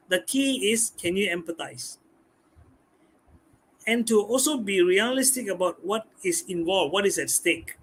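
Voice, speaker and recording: Lively high-voiced man. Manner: animated, acts out customers' voices, repeats words. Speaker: guest speaker. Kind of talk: live-stream talk on communication skills.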